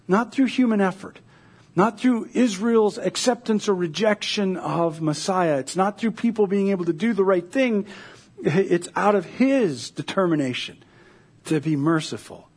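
A man's voice: sits high, a little mellow, breathy edge. A male pastor giving a casual, conversational sermon, retelling scripture as a story with fillers and playful asides.

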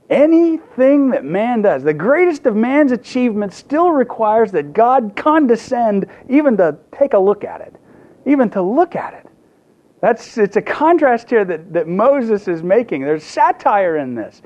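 Male preacher, slightly high voice, humorous storytelling sermon, muffled lo-fi recording. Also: a little slow. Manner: lively storytelling with humor and restarts. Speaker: pastor.

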